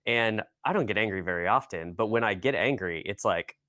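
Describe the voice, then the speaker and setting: Podcast host guy, lowish voice, dry close sound, casual and thinking out loud. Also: a little fast, no echo. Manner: thoughtful, musing, casual. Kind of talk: podcast conversation.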